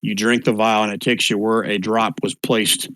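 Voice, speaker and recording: A man narrates an online tabletop session as game master, his voice sitting low. He talks in an easygoing way, full of fillers, and stops to spell out names. The voice-chat mic sounds close and dry. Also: little pitch movement, moderate pace, fairly bright tone, no room sound, low-quality recording. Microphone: voice chat microphone.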